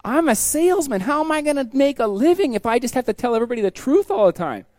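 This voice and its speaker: A man preaching a casual sermon, telling folksy stories and acting out the people in them with sudden loud bursts. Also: very high-pitched, sing-song, fast talker, no echo. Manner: storytelling, acts out quoted voices with sudden loud bursts; folksy, conversational.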